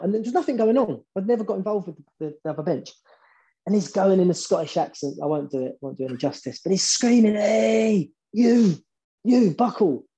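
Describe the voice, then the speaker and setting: A man, a former football manager, telling stories in an interview, animated and often repeating words as he builds up a point. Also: sits high. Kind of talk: storytelling interview.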